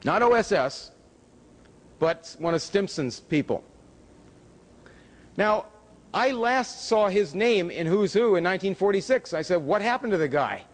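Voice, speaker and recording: A man giving a public lecture with slides, emphatic, with pitch rising on key words. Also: animated, unhurried, pauses often. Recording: hall reverb from a lecture room.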